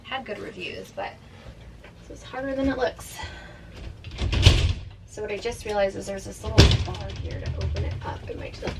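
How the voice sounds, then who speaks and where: A woman's voice: mid-range voice, normal speed, gravelly, long pauses, very noisy. A woman vlogging casually from inside a motorhome, rambling with lots of fillers while showing things to the camera. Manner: chatty, rambling, with frequent fillers. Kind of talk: casual vlog chat.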